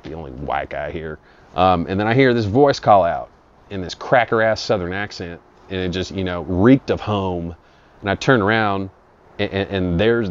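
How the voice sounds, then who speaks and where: A man telling a rambling, profane comic story in an improvised monologue. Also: deep voice. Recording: dull lo-fi audio.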